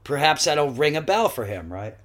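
A middle-aged man, a guest actor, telling a lively story in a podcast interview and acting out the voices in it. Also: fairly high pitch, normal speed. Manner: lively anecdotes, acts out quoted voices, swears.

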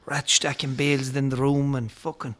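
An Irish man in his thirties, a guest chatting casually in a bar, blunt and quick to swear. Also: medium pitch, little pitch movement, a bit bright. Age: 30s. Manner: blunt and salty, swears freely. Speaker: company managing director, guest. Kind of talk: casual chat.

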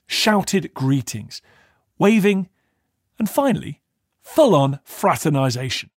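A man narrating a documentary script in a measured storytelling manner. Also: on the high side, sing-song, dry recording, clean studio sound.

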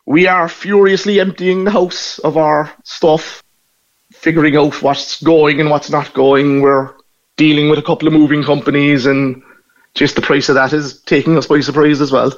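A man's voice: on the high side, little pitch movement, normal speed, dull audio. A middle-aged man from Ireland with a Cork accent, chatting casually as a guest and laughing as he tells stories. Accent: Cork Irish. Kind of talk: casual phone interview.

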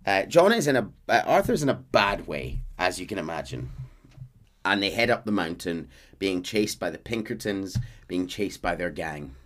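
Low-voiced male podcast host: steady story-recap narrator with dramatic read-outs. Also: normal speed. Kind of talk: storytelling recap of a video game plot.

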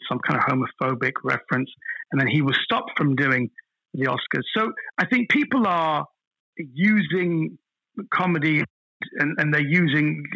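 A guest comedian from London, England, tells stories with animated energy on a casual podcast, repeating words as he starts a thought. His voice is bright, forward, and husky, pitched a little high for a man. The recording is dry, close, and dull.

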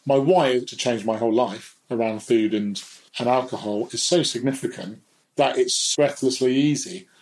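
A man's voice: mid-range voice, normal speed, a little mellow, rough recording. A man speaking as a guest in a candid, reflective conversation, sometimes laughing at himself. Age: adult.

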